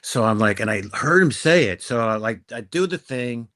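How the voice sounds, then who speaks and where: A middle-aged man, a guest actor, casually tells stories about his work in a medium-pitched voice at normal speed. He's animated, acting out the lines people said to him.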